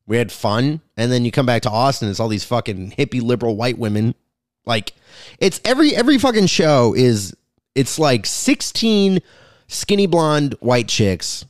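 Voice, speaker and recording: A man's voice: mid-range voice, no room sound, clean studio sound. A comedian rambling crudely through a casual podcast monologue, recorded in his garage. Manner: rambling, crude, self-interrupting. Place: home garage.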